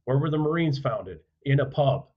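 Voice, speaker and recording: A man's voice: medium pitch, lively intonation, normal speed. Guy on a podcast, blunt and sweary, keeps asking "right?", kinda muffled audio. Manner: blunt, profane, emphatic with rhetorical questions. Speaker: podcast guest, author and former soldier. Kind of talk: forceful conversational storytelling.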